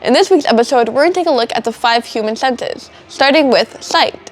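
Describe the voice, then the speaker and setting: A teenage girl with a slightly high voice hosts a student show. She keeps breaking into giggles and restarting her lines, flustered but cheerful. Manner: giggly, flustered by slip-ups. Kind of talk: outtakes of a school show.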